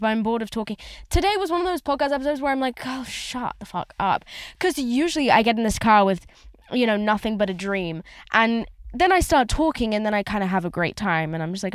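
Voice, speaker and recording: A woman rambles through a candid solo podcast from inside her car, swearing and filling gaps with "like". Her voice sits at a middling pitch. The sound is dry and close, with no room ring. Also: animated, fast, no echo. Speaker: podcast host. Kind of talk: casual solo podcast chat.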